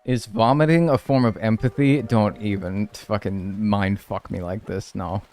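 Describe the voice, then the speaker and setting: A man with a darkish, fairly low voice speaks unhurriedly and fairly evenly, faint music in the background. His talk is easygoing live-stream chatter over gameplay, slang-heavy and full of "dude" and "like," as he reads and answers viewer chat.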